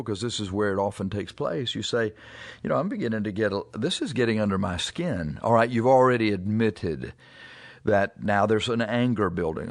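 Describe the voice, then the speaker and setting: Plain-spoken pastor, preaching. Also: male voice, medium pitch, no room sound. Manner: plain conversational preaching with pauses and repeats. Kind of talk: sermon.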